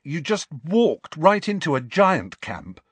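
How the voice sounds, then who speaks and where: Awestruck teen boy, a guy reading him pitched way up, amazed, husky tone. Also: wildly swooping pitch, normal speed, dry recording. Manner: amazed, questioning. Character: awestruck teenage schoolboy.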